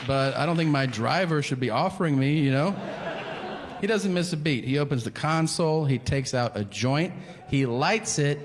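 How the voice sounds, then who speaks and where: A man doing stand-up comedy on a stage with a handheld mic, telling a story deadpan and adding wry, self-mocking asides. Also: fairly high pitch, moderate pace, noisy background. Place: comedy stage before a live audience. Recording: long hall reverb with clear room ambience.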